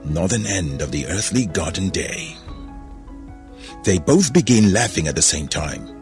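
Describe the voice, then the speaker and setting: A man narrating a storybook with a very deep voice that moves freely in pitch. He reads in an animated way, with faint music playing behind. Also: unhurried. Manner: animated, voices many characters. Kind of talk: storybook reading.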